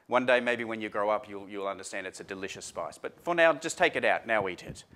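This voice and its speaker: A patient mother speaking low and soft as she coaxes her son to eat, as a man plays her in a story. she explains things gently, then ends on a firm little instruction. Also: fast talker, close to an everyday voice. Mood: coaxing. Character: patient Indian mother coaxing her child.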